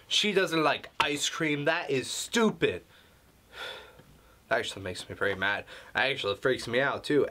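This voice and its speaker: A young man hosting a game let's play in a loose, casual way. He reacts to what he reads with sarcastic jokes and quick asides. His voice sits at an ordinary middle pitch for a man. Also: bright, forceful tone. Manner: joking, sarcastic reactions, reads texts aloud. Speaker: gaming channel host.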